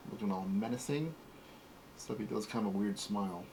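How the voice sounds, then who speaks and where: A man in his forties hosting a casual toy unboxing, talking in a relaxed, rambling way. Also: lowish voice, fairly quick, background noise. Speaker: toy collector host.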